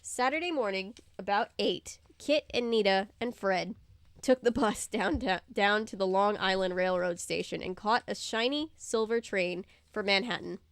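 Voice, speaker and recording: A woman reads a novel aloud in a casual, chatty way, breaking off for animated asides and the odd stumble. Her voice is smooth and clear. It is recorded close and dry. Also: mid-range voice, normal speed, no room sound. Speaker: host reading a novel aloud. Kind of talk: casual read-aloud with chat.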